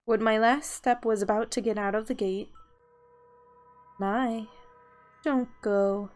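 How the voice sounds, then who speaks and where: A woman's voice: fairly high pitch, steady tone, fairly quick, faint music behind. A woman reading a visual novel aloud, narrating and adding chatty asides. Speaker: game reader.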